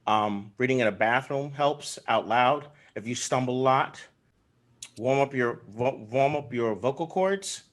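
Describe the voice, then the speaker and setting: A man, a voice acting director, giving brisk, jokey advice on a panel. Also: mid-range voice. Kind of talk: panel discussion.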